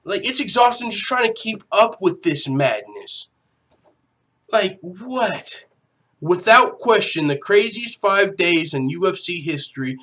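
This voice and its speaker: A man hosting an MMA live-stream chat, talking casually and profanely, swinging from low mumbling to loud shouting. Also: very animated, measured pace.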